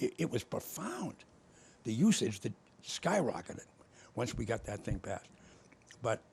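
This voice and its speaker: An older man, telling stories in casual conversation and acting out both sides of old arguments with lively energy. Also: mid-range voice, unhurried, a little hiss or hum. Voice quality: gravelly, husky. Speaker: former state official telling stories.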